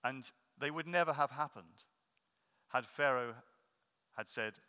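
A man's voice: medium pitch, pushed and bright, clear, resonant tone. Earnest preacher man in a reverberant hall. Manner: earnest, explanatory, slowing down for emphasis. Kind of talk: sermon.

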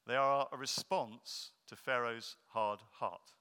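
A man preaching a sermon, explaining earnestly and slowing down to stress key points. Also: mid-range voice, fairly even intonation, sharp tone, clean tone. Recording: long reverb of a hall.

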